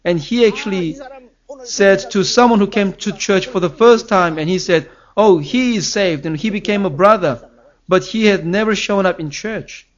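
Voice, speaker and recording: A man's voice: sits high, normal speed, highs cut off. A man preaching a sermon as pastor, earnest and emphatic, his voice rising on key phrases.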